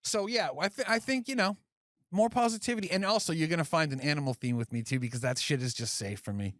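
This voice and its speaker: A man in his forties co-hosting a podcast in casual chat, excitable and profane. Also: a little high, fast talker, no echo. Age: 40s. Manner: excitable, profane, acts out animal voices in quotes. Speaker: podcast co-host.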